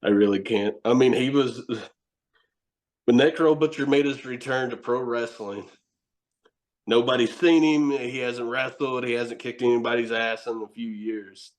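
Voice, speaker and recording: A middle-aged man, a wrestler and horror host, telling rambling stories as a podcast guest, cursing and laughing often. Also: medium pitch. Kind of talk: casual storytelling chat.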